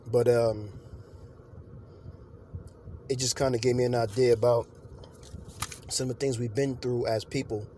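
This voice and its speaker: A man's voice: medium pitch, a little mellow, a little hiss or hum. A man giving an informal scripture lesson, talking loosely with fillers and turning emphatic when he preaches. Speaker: religious teacher.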